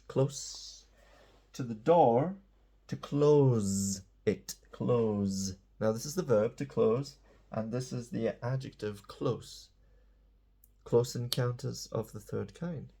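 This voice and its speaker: A man's voice: medium pitch, takes it slowly, vocal fry, darkish tone, husky. A man giving a casual, playful English lesson, chatty and self-mocking. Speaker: English teacher.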